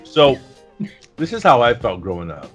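A man's voice: mid-range voice, sing-song, fairly bright tone, soft background music. A middle-aged man co-hosting a podcast, talking reflectively in casual chat with frequent restarts. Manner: reflective, halting with restarts and fillers. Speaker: podcast co-host.

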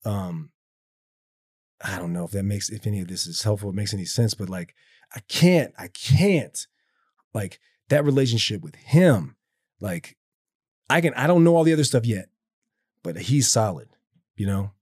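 A man's voice: fairly low pitch, lively intonation, moderate pace, pauses often, darkish tone, breathy edge, dry recording, studio quality. A man talking earnestly about his faith in a casual conversation, rambling with many restarts and fillers. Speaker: guest speaking about faith.

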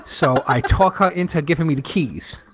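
A man spinning a funny story in relaxed chat, with a fairly high, lively voice. He talks casually and jumps up in pitch whenever he quotes someone. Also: moderate pace, background noise.

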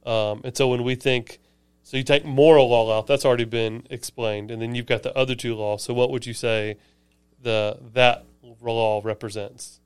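Speaking at a medium pitch, this man keeps his intonation fairly even and his pace moderate, and the dry recording sounds smooth. He's a church staffer co-hosting a podcast, talking conversationally and with enthusiasm about a sermon, often slipping in asides as he explains.

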